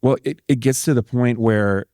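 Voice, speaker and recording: A middle-aged man from Texas tells a painful personal story as an interview guest. He speaks earnestly and emotionally, leaning on "like" as he goes. His voice is mid-pitched and the sound is dry. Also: moderate pace, mellow, dry recording. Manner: earnest, emotional, many "like" fillers. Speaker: guest, husband.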